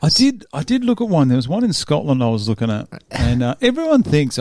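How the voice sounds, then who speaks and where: A man's voice: fairly high pitch, sing-song, quick pace, hardly any pauses, a little mellow, no room sound. A man hosting a casual interview, talking chattily and with enthusiasm. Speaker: podcast host.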